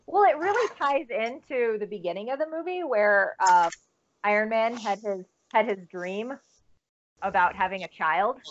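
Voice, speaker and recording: A woman's voice: mid-range voice, lively intonation, moderate pace, slight background noise. A woman co-hosting a podcast, chatting casually, rambling and restarting her sentences with giggles. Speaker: podcast co-host. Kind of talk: casual chat. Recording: dull lo-fi audio.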